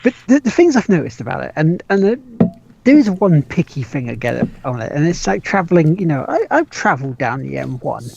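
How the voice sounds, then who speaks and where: A man's voice: fairly high pitch, very animated, fairly quick, gravelly, background noise. A man co-hosting a gaming podcast, rambling in casual chat. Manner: rambling, chuckling. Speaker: podcast co-host. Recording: dull lo-fi mic.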